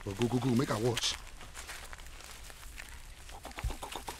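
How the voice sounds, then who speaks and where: An actor with a Nigerian accent playing a scheming young goat thief, excited and bantering in pidgin. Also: male voice, medium pitch, normal speed, noisy background. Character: scheming young man plotting over stolen goat.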